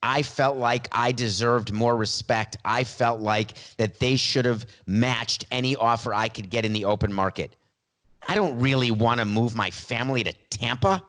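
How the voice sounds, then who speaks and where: A man's voice: mid-range voice, normal speed, fairly bright tone, natural voice. A man on a sports podcast playing a smug, money-minded star quarterback in his forties, in a mock press conference using his own plain voice. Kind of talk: satirical impression in a sports podcast.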